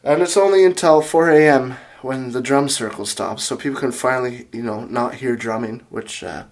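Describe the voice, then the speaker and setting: A young man hosting a casual video, retelling a chaotic story in a rambling, excitable way with many restarts and fillers, reading quotes from his notes. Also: medium pitch, normal speed. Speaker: music channel host.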